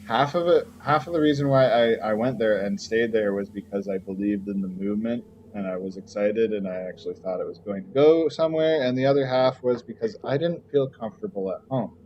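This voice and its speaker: Low-voiced young man rambling while gaming. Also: a little fast, hardly any pauses, darkish tone, slight background noise. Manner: rambling, many fillers, swears freely. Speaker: streamer. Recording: dull lo-fi mic, faint game music.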